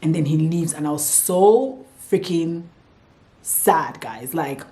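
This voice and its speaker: A woman's voice: sits low, lively intonation, slow pace, dark tone. A young woman telling a candid, emotional personal story in a casual vlog, swearing now and then. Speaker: vlogger.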